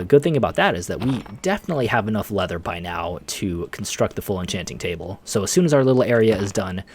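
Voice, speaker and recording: A man's voice: fairly low pitch, a little mellow, slightly rough. A man giving casual, rambling commentary over his own gameplay, laughing often. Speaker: let's play host.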